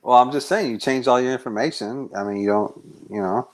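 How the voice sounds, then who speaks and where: A man's voice: medium pitch, fairly quick. Man, livestream chat, defensive, stammering, casual swearing. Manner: defensive, hesitant, stammering restarts. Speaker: stream panel guest.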